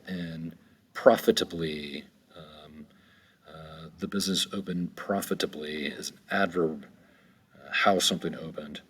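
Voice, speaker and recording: A man's voice: sits low, measured pace, fairly bright tone, breathy edge. A male teacher going through vocabulary words, saying each one several times for pronunciation, with frequent ums. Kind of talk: recorded vocabulary lesson.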